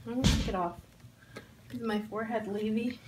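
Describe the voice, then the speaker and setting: Excitable young woman vlogger, noisy recording. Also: fairly high pitch, moderate pace. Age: 20s. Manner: excitable, laughs often. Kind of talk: casual home vlog.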